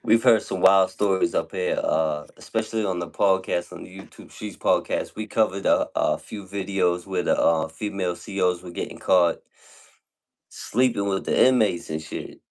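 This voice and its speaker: A man's voice: low-pitched, normal speed, darkish tone. A man hosting a podcast, reacting to a guest's story with short remarks in casual chat. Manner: brief backchannel reactions. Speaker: podcast host.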